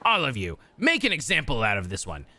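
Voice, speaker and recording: A man's voice: mid-range voice, huge pitch swings, brisk, sharp tone, heavily acted. A man voicing a cruel, haughty feudal lord, reading game dialogue in a pompous, contemptuous way. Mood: sneering.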